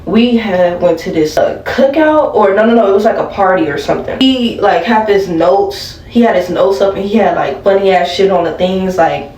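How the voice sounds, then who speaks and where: A woman's voice: mid-range voice, normal speed, hardly any pauses, a little mellow, distant mic. Chatty young woman, roomy sound. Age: young adult. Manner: chatty, laughing asides, addresses viewers as y'all. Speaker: vlogger. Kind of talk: casual storytime chat while doing makeup.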